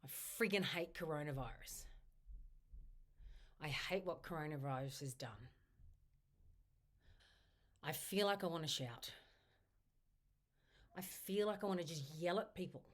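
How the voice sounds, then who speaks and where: Low-pitched woman, instructor leading a self-help tapping routine, steady repeated phrases. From Australia. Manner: slow repetitive affirmations, first person. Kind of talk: guided tapping script spoken aloud.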